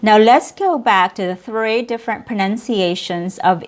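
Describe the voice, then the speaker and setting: A woman teaching English pronunciation, speaking in a slow, clearly articulated way and drawing out model sounds and single syllables. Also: mid-range voice.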